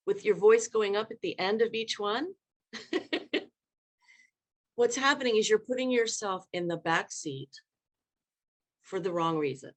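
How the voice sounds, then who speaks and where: Woman, leadership coach, live online workshop, animated, demonstrates tones of voice, middle pitch. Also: unhurried, pauses often. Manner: animated, demonstrates vocal inflections.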